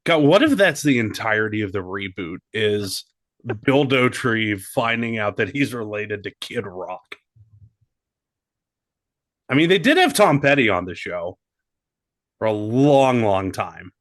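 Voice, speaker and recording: Slow-talking male podcast host. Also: fairly low pitch, no room sound, clean studio sound. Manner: relaxed, laughs often. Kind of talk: casual chat.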